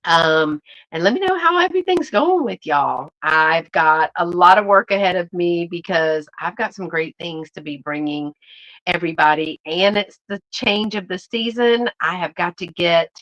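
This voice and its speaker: Speaking a little slowly, this woman has a lowish, fairly bright voice with lively intonation, and the recording is rough. She's a YouTube vintage reseller running a live stream, bubbly and chatty with her viewers, whom she addresses as y'all, full of fillers and restarts.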